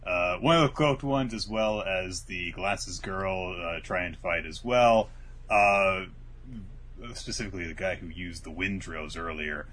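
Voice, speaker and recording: A man's voice: sits low, unhurried, a bit bright. A man co-hosting a podcast, recapping a comic in a rambling, casual way, swearing often and acting out the characters' quotes. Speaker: podcast co-host.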